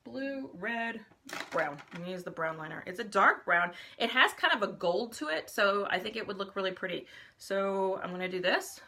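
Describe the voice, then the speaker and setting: A woman's voice: mid-range voice, moderate pace, sharp tone. A middle-aged woman chatting casually with her viewers during a live makeup tutorial, talking them through each step. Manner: chatty, talks to viewers while applying makeup. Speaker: makeup vlogger.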